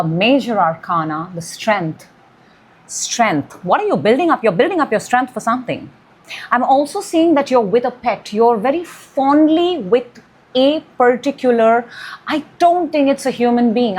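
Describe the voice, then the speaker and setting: A woman's voice: on the high side, slightly rough. A woman giving a weekly tarot reading, musing and intuitive, drawing out key words. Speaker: tarot reader.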